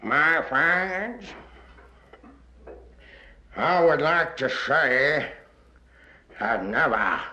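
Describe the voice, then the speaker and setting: A man's voice: mid-range voice, a bit bright, voice pushed down. A comedian voicing a bombastic male senator giving a grandiose speech with oratorical swells. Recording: roomy dull old recording.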